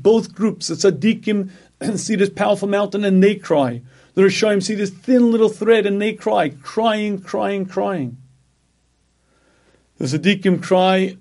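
A man delivers a religious sermon in a slightly raised register. He keeps clearing his throat between phrases. He drives points home by repeating key words. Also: high voice, darkish tone. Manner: frequent throat clearing, emphatic repetition. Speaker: rabbi giving a talk.

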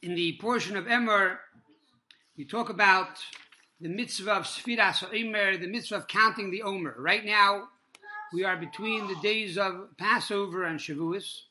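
Bright, high-voiced man teaching Torah. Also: a little hiss or hum. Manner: measured storytelling with frequent pauses and fillers; uses Hebrew religious terms. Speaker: rabbi teaching a Torah class. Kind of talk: sermon-style Torah class.

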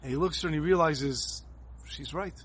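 A man giving a Torah talk as a sermon, telling a story in an earnest, animated way. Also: on the high side, brisk, a little hiss or hum.

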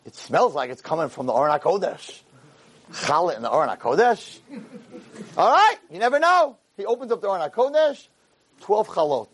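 A man telling a story in a lecture, animated and acting out the characters' voices. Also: high-pitched, fairly quick.

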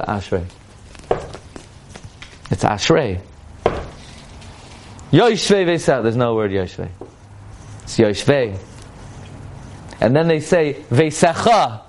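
Male Torah teacher, lively lecture delivery. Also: medium pitch, slight background noise. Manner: animated lecturing, mixing English with Hebrew and Yiddish-accented quotes.

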